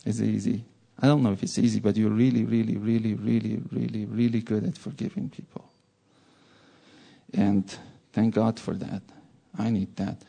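A man's voice: lowish voice, level tone, normal speed, creaky, warm tone. A man preaching a sermon, telling a personal story in an earnest way and repeating words for stress.

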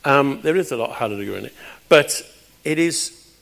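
A British man preaching a conversational sermon in a church, with sudden loud, emphatic bursts. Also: medium pitch, expressive, fairly quick, creaky. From Britain.

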